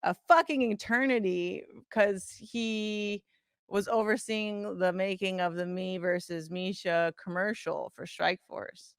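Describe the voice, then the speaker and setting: A woman guest on a podcast, telling stories in a casual, animated, profane way, full of "like" fillers. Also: mid-range voice, slow pace, smooth, no echo, studio quality. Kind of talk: casual storytelling chat. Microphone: podcast studio mic.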